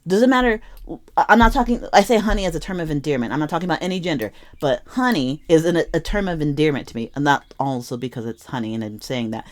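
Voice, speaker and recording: A young woman with a fairly low voice gives a tarot reading to camera. She goes from quiet muttering over her cards to impassioned, emotional urging. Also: fast talker. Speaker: tarot reader.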